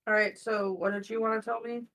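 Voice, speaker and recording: A woman's voice: on the high side, flat delivery, brisk, fairly bright tone, low-quality recording. A woman playing a casual tabletop game, asking questions in an inquisitive way. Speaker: player.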